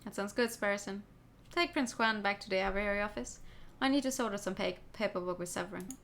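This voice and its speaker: A woman's voice: mid-range voice, fairly quick, a bit bright, natural voice. Woman reading a curt falcon lawyer.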